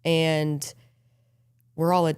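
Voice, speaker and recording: A woman's voice: deep voice, level tone, extremely slow, a little mellow, clear, resonant tone. A young adult woman, an interview guest, talking earnestly with likes and you-knows. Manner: earnest, uses like and you know. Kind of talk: casual interview chat.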